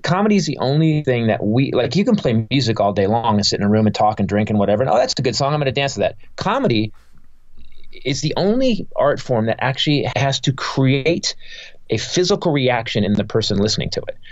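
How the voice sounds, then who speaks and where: A man's voice: medium pitch, big pitch swings, a little fast, no room sound. A male comedian, a guest on a podcast, telling a heated story with lots of cursing and stop-start restarts. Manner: profane, heated, rambling with many restarts. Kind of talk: casual podcast interview storytelling. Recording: dull, dry podcast audio.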